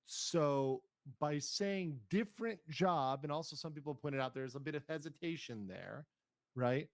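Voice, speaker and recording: A man's voice: fairly high pitch, unhurried, no room sound. Dry, analytical male streamer. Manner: analytical, hedging, reads chat aloud. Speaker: streamer host. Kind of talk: casual commentary reacting to clips.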